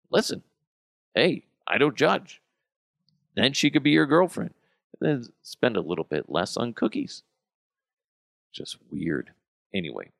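A man hosting a podcast in casual chat, ranting bluntly with plenty of profanity and swinging between loud outbursts and muttered asides. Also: mid-range voice, gravelly, no room sound, clean studio sound. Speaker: podcast host.

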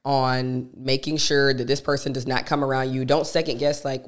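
A woman's voice: a bass voice, little pitch movement, moderate pace. Emphatic woman. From Athens, Georgia, US. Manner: emphatic, repeats key phrases, chatty asides. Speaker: podcast co-host. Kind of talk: casual advice chat.

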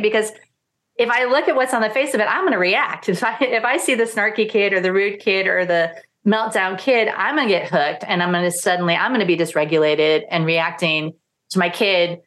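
A middle-aged woman talking as a parenting coach in a podcast interview, animated and acting out quoted thoughts. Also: mid-range voice, fairly quick. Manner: animated, acts out quoted thoughts in lively voices.

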